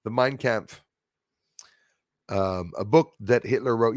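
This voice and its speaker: A man's voice: fairly low pitch, moderate pace, no echo, studio quality. A man hosting a casual live stream, talking in a loose, rambling way with many fillers and restarts. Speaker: host.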